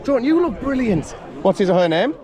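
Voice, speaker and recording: A running vlogger from North East England, with the accent to match, chats cheerily and laughs often while filming a trail run on an outdoor hill and woodland trail, out of breath and greeting other runners. His voice is very high and sing-song at normal speed, with a crowd in the background.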